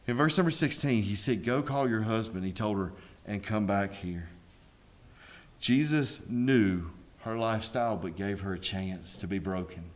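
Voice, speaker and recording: A man, a pastor preaching a sermon with folksy asides and rising intensity. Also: lowish voice.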